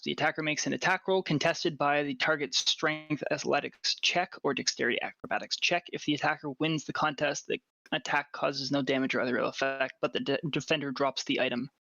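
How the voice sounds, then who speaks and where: A man running a tabletop game as dungeon master, casually reading rules aloud with halting restarts. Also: a little high, steady tone, creaky, a bit bright, no echo, highs cut off.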